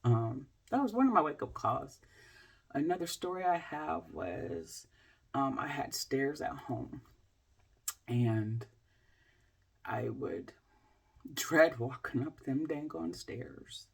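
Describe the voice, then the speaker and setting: A woman in her forties, a health coach, telling a candid personal story to camera in a halting way, with many fillers and restarts. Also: rumbling low, lively intonation, vocal fry, husky. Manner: candid, speaks in plain everyday terms.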